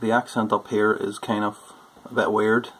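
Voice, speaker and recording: Gravelly Northern Irish man, casual vlog. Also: on the low side, level tone, normal speed, poor audio. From Northern Ireland. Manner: self-deprecating, chatty, loud stressed words. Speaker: homebrewing YouTuber. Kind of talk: casual vlog, accent challenge.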